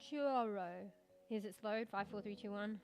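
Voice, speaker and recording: A woman's voice: mid-range voice, completely flat delivery, a little fast, dry recording, soft background music. Rambling, swearing Australian woman streamer. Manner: rambling, swears casually, chuckles. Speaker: VTuber streamer. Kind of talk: casual live-stream chat.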